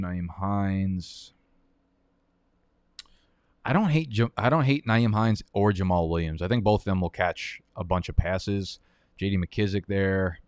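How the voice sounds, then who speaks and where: Low-voiced man ranting over a fantasy draft. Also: smooth, no echo, studio quality. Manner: profane, heated, rambling. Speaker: fantasy football host. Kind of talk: live-stream draft commentary.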